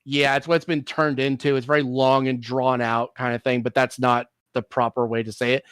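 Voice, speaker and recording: A man's voice: mid-range voice, level tone, fairly quick, a bit bright, smooth, no echo, studio quality. A man hosting a casual stream chat, rambling through stories with restarts and frequent swearing. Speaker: streamer host.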